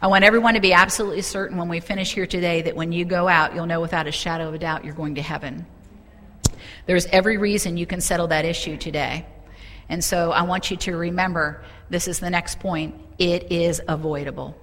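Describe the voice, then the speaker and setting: A middle-aged woman preaching a sermon, telling a story with fervent, animated delivery. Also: on the low side, a little fast, in a large hall.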